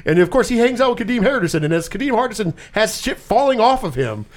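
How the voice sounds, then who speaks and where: Guy hosting a movie podcast, high animated voice, swears a lot, does little voices. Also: fast. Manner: animated, profane, quotes scenes in put-on voices. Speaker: podcast host. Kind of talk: casual movie review chat.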